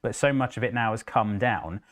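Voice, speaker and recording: A man's voice: on the low side, moderate pace. A man co-hosting a live market show, chatty, acting out what investors say to themselves. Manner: animated, acts out investors' inner voices. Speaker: co-host.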